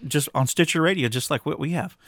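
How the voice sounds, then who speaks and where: A man's voice: a little high, quick pace, fairly bright tone, no room sound. Rambling easygoing man on a podcast. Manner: rambling, easygoing, restarts often. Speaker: podcast co-host. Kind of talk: casual home podcast chat.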